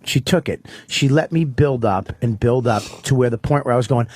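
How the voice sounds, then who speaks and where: A man's voice: medium pitch, fairly quick, hardly any pauses, a little mellow, slightly rough. A man, a comedian, telling a profane ranting story in casual radio talk. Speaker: comedian guest.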